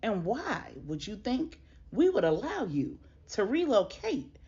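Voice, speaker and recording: A woman's voice: mid-range voice, very animated, darkish tone, husky, highs cut off, pitched above the performer's own voice, full character voice. A woman doing a stern Trinidadian matriarch. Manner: slow, measured, scolding.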